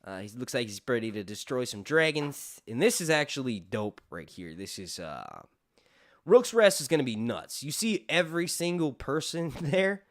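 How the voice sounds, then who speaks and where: A man rambling through a casual live stream chat with an animated voice that jumps around in pitch. He talks loosely, swears freely and laughs often. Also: moderate pace. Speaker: YouTube host.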